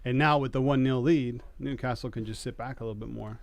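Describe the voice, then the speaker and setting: A man's voice: medium pitch, steady tone, fast talker, gravelly, no room sound. A man co-hosting a casual football watch party, laughing easily and reeling off match scores. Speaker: co-host.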